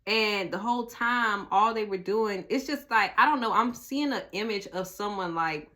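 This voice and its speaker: Blunt, animated woman doing a tarot reading. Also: medium pitch, normal speed. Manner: animated, blunt, swears freely, talks straight to the viewer. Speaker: tarot reader. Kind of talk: casual tarot reading to viewers.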